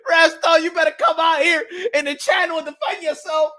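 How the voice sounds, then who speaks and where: A man hosting a boxing channel in casual reaction commentary, excitable and profane, laughing often and repeating himself. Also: very high voice, brisk. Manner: repeats himself, bursts into yelps.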